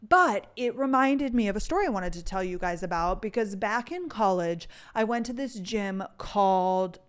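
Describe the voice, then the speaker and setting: A woman in her twenties hosting a podcast, chatting through rambling stories and saying "like" constantly. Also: mid-range voice. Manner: chatty storytelling, heavy use of "like". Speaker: podcast host. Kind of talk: casual chat.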